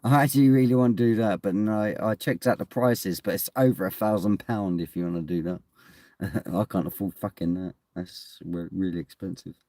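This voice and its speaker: Reading his chat aloud, this English streamer rambles at home indoors, often laughing and sometimes swearing. He has a low, dark voice with fairly even intonation at a normal pace, captured in clean studio sound without echo.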